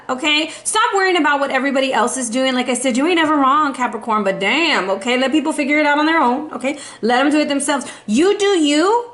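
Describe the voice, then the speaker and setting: A woman doing a casual tarot reading for viewers, playful and lively, calling listeners baby and dropping in Spanish phrases. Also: sits high. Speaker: tarot reader.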